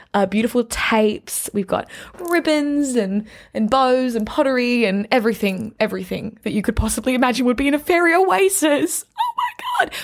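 A woman vlogging to camera from a craft room, chatting in a bubbly, gushing way with playful asides. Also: a little high. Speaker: vlogger and podcast host. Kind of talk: casual chat to camera. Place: her mother's craft room, indoors.

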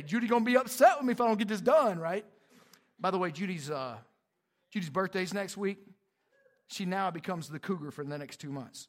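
A male pastor with a drawl preaches to his congregation in a lively, talkative way. He asks them to repeat words back to him and jokes along the way. His voice sits noticeably high for a man. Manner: animated, conversational preaching with call-and-response. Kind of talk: sermon. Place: church sanctuary.

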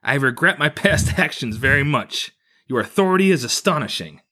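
A man's voice: medium pitch, expressive, moderate pace, pushed and bright, voice pushed up. A man voicing a small male water imp that begs for mercy in a strained, harsh voice. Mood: pleading.

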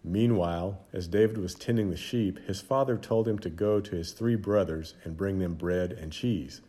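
Male narrator with a deep, mellow voice, measured dramatic reading of a children's Bible story.

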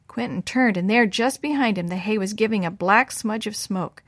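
A woman's voice: medium pitch, normal speed, hardly any pauses, no echo. Woman storyteller, children's story, dry close sound. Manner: lively voices for the boys' lines. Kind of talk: scripted storybook narration.

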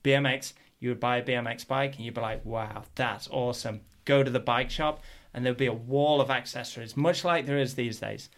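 A middle-aged man from England, a guest telling stories in a casual, animated way and acting out what people said. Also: mid-range voice, a little fast. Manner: animated, acts out quotes in his stories. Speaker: guest, pro BMX rider. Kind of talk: casual storytelling.

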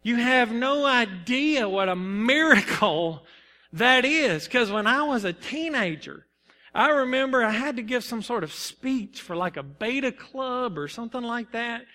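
A young man preaches with a high, bright, ringing voice, sharing personal stories in an earnest, emphatic way. His words carry a long reverb through the church sanctuary. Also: animated, measured pace. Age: young adult. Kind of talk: sermon.

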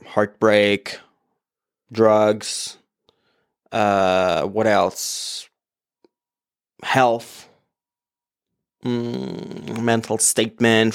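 A man's voice: lowish voice, creaky, clear, resonant tone. A man hosting his own podcast alone at home, talking candidly and rambling, with many fillers and frequent swearing. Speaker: podcast host. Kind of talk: casual solo podcast monologue. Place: home, apartment. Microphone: podcast microphone on an iPad.

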